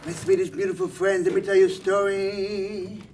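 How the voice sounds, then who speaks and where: A man doing an impression of a famous singing rabbi, telling a comic story in a slow, dreamy, sing-song voice with Yiddish words. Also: sits high, expressive, darkish tone, recorded from a distance, soft background music. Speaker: comedian. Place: live event.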